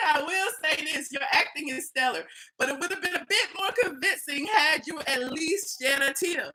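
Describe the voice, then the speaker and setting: A woman hosting a livestream of gossip commentary, sassy and animated, often laughing. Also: high voice, normal speed, rough recording. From Atlanta, US. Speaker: host.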